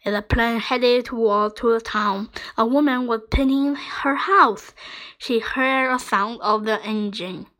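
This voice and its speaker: Woman, reading children's story aloud, halting, high voice, slow. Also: pushed and bright, poor audio. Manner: careful, halting reading with slips. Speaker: reader.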